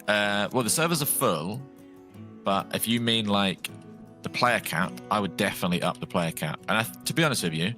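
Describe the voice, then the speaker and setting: Very deep-voiced man, chatty streamer. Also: a bit bright. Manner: chatty, rambling, lightly joking. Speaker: gaming streamer. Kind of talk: casual live gameplay chat.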